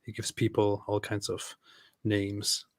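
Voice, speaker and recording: A man's voice: fairly low pitch, completely flat delivery, slow pace, no room sound. A man hosting casual commentary on video clips, incredulous and mocking in tone. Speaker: host.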